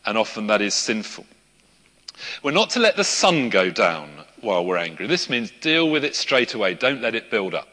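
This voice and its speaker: A man's voice: fairly low pitch, very animated, normal speed, sharp tone. A middle-aged man preaching a conversational sermon to a congregation, with small asides and a light laugh now and then. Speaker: pastor. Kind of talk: sermon with a live demonstration. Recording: reverberant church hall.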